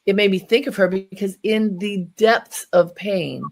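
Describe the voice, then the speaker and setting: A woman's voice: medium pitch, fairly even intonation, unhurried, vocal fry. A woman hosting a radio interview, telling a personal story in a reflective, heartfelt way. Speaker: host.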